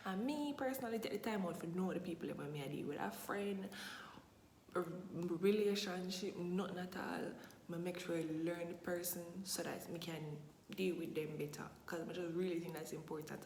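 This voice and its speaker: A woman's voice: lowish voice, a little mellow. A young woman, chatting animatedly and emphatically in a casual Q&A vlog, repeating phrases for effect. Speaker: vlogger. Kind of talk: casual Q&A monologue. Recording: echoey room with long reverb, faint hiss.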